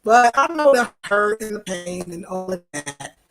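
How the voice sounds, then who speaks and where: A woman's voice: mid-range voice, animated, unhurried, over loud music. A woman in her fifties streaming a casual, fervent talk to her viewers, repeating herself and talking back at them in loose vernacular. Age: 50s. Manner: loose Black American vernacular. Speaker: travel vlogger.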